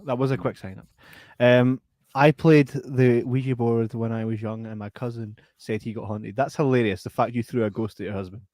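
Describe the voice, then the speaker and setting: A podcast host jokes around, swears freely and reads out listener messages in a casual chat. His voice is medium-pitched and darkish, with fairly even intonation at a normal speed. The recording is dry and studio quality.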